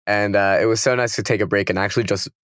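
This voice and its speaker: A man's voice: fairly low pitch, steady tone, quick pace, a bit bright, smooth, dry recording. A man co-hosting a casual film podcast, rambling and joking, laughing often, on a close mic. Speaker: podcast co-host. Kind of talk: casual chat.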